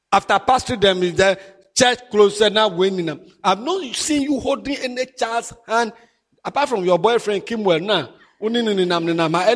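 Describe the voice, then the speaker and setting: Animated husky Ghanaian pastor. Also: male voice, high voice. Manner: animated, switching between English and Twi. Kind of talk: sermon.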